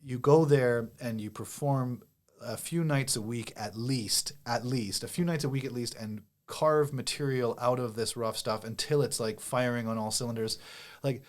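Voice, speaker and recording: A comedian guest talking casually on a podcast, rambling with many restarts and lots of "like". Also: male voice, medium pitch, moderate pace. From Canada. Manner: rambling, heavy use of "like" and restarts.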